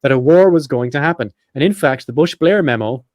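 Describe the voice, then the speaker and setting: A man hosting a podcast, reading a prepared script quickly with chatty asides and self-corrections. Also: mid-range voice, lively intonation, darkish tone. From Ireland. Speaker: podcast host.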